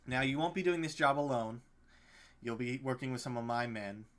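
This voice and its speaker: A man's voice: medium pitch, normal speed, slight background noise, close to an everyday voice. A man voicing a wounded fire giant leader in a tabletop game, offering a job in a plain, matter-of-fact way. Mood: businesslike.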